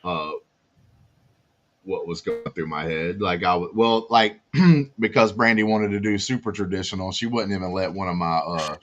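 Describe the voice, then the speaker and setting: A man's voice: deep voice, normal speed, a bit bright, muffled recording. A man chatting casually as a guest on a talk show, rambling along with lots of "uh" fillers. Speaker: guest, newlywed groom. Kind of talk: casual chat.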